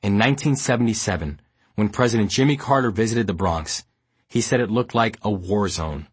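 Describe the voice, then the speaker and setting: A man from New York narrates his own memoir with a low, slightly husky voice. His reading is measured and steady, recorded close and dry with no room sound. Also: dry recording. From New York, United States.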